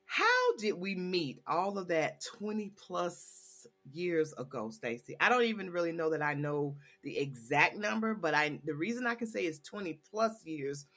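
A woman's voice: lowish voice, big pitch swings, moderate pace, hardly any pauses. A woman in her forties from Georgia with a Southern accent, hosting a podcast in an upbeat, chatty way. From Georgia, USA. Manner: warm and enthusiastic, says y'all. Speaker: podcast host. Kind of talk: casual podcast chat.

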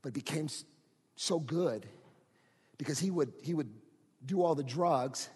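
A pastor preaching a sermon, moving from quiet talk to shouted, rising preaching. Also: male voice, fairly high pitch, measured pace, slightly rough, in a large hall.

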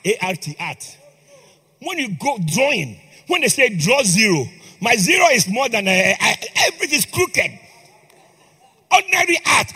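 High, bright-voiced man preaching a sermon. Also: breathy edge. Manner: impassioned, calls on the congregation to respond. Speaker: priest. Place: church. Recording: long hall reverb with faint music.

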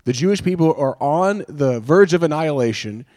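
A man's voice: on the high side, expressive, moderate pace, a little mellow. A man preaching a sermon in an earnest, conversational way, often asking rhetorical questions and restarting his phrases. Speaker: pastor.

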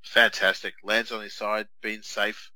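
A man's voice: fairly low pitch, level tone, a little slow, pushed and bright, no echo, low-quality recording. A man, co-hosting a casual wrestling watch-along podcast and slipping into jokey impressions. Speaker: podcast co-host.

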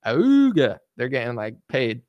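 A man's voice: medium pitch, moderate pace, dry recording, highs cut off. A young man hosting a casual livestream, reading viewer comments aloud and answering them with sarcastic mockery. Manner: sarcastic, mocking, jumps into impressions.

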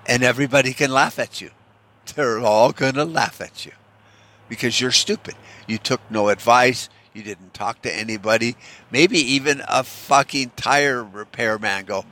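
A man's voice: medium pitch, normal speed, pushed and bright. A middle-aged man in a casual opinion monologue, ranting bluntly and swearing freely as he talks. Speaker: vlogger.

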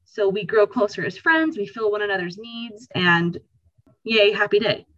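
A woman podcast host talks through her points at a medium pitch, slipping into little acted-out voices to show how people feel. Her voice comes through a dull, lo-fi recording. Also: moderate pace. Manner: animated, acts out quoted feelings. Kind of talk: explaining a topic conversationally.

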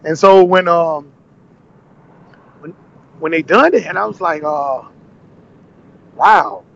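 High gravelly man telling a story. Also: unhurried, lo-fi sound. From Nashville, USA. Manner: animated storyteller acting out quoted dialogue. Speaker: podcast guest, former cooking show contestant. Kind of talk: casual storytelling interview.

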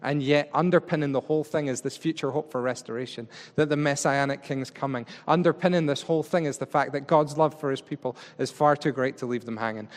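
A man's voice: on the high side, fairly even intonation, fairly quick, hardly any pauses. A man preaching a conversational sermon, chatty and informal, acting out paraphrased speech as he explains a text. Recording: long reverb of a large hall.

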